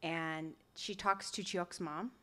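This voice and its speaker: Animated woman recapping a drama. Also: on the low side. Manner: animated storytelling with quick quoted asides and laughs. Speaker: podcast co-host. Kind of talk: casual chat recapping a drama.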